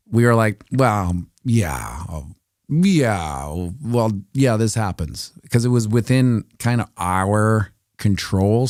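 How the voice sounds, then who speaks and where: A man's voice: lowish voice, dark tone, smooth, no room sound, clean studio sound. A Canadian man giving casual, rambling commentary on crypto price charts during a livestream, with jokey asides.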